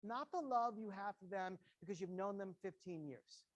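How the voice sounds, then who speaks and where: The recording is lo-fi, capturing a high-pitched man speaking at a normal pace. He's a guest educator giving parents an earnest, emphatic motivational lecture with slides, repeating key lines and acting out small quoted exchanges.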